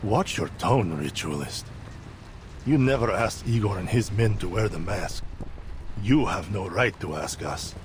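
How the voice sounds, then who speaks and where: A ruthless army general. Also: male voice, lowish voice, lively intonation, measured pace, background noise. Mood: threatening. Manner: curt, threatening. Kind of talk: game voice acting.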